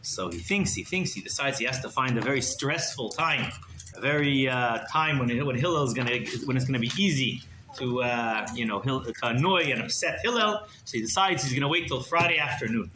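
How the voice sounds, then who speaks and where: Lively rabbi telling a story. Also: male voice, mid-range voice, fairly quick. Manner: lively, conversational, asks listeners "right?". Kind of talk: storytelling Torah class. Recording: echoey room with background noise.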